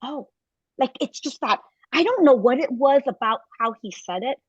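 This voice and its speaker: A woman's voice: high voice, animated, normal speed, husky, no room sound, highs cut off. A woman in her fifties, a podcast guest telling her story in casual conversation and acting out the voices of the people she quotes. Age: 50s.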